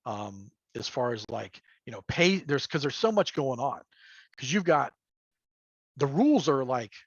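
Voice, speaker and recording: A guest game master joins a casual livestream chat by remote call, his audio dull and lo-fi with no room sound. He has a medium-pitched, slightly rough voice and rambles along, full of fillers and chuckles.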